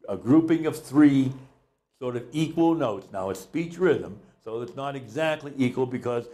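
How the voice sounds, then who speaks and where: A man's voice: mid-range voice, expressive, moderate pace, dark tone. A man teaching a recorded music lesson, explaining patiently, repeating key points and counting beats aloud.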